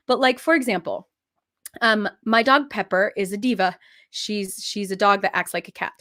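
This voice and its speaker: A woman's voice: medium pitch, slow, pauses often, fairly bright tone. A young woman chatting casually and playfully, rambling while she works on a craft. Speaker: host.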